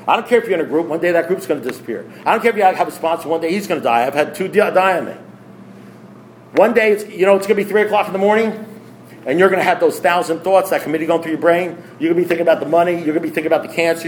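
A man's voice: high voice, slight background noise. A man speaking at a recovery meeting, blunt and preachy, firing off rhetorical questions. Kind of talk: AA meeting talk.

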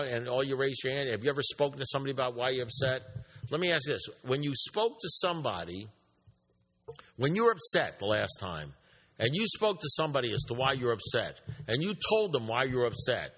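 Husky-voiced man in an echoey hall. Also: mid-range voice, fairly bright tone. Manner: emphatic, repeats points, asks the room questions. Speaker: recovery meeting speaker. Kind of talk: storytelling talk to a group.

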